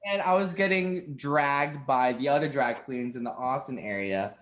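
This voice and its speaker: Young man, podcast guest, casual chat, lively storytelling, ordinary pitch, laughs often. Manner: animated storyteller, quick to laugh.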